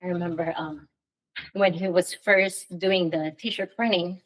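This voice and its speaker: Soft-spoken woman guest, low voice. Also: fairly even intonation, a little slow, poor audio. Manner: soft, heartfelt. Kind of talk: radio interview.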